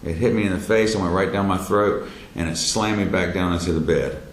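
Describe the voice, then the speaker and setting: A man telling a personal story in a halting way, full of fillers and restarts, with loud quoted lines. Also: deep voice. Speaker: speaker telling his near-death experience. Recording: roomy echo, faint background noise.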